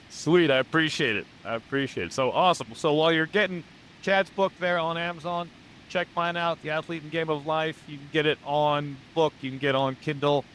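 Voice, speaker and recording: A man's voice: a little high, a little fast, fairly bright tone, a little hiss or hum. An American man hosting a podcast interview, enthusiastic and upbeat, often repeating his praise. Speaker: podcast host. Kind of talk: casual interview chat.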